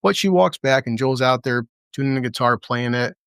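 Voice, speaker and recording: A man's voice: medium pitch, gravelly, a bit bright, smooth, dry recording, studio quality. Sarcastic, profane man reviewing a show. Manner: impersonates characters in quick asides. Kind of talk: casual spoken review.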